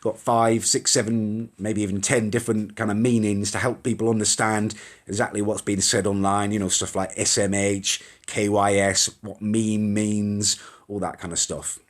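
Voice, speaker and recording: A man's voice: on the low side, flat delivery, normal speed. A young man hosting a casual live stream, rambling and reading out viewer comments with mild swearing. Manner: chatty, rambling, mild swearing, reacts to comments as they scroll. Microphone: phone or webcam live stream.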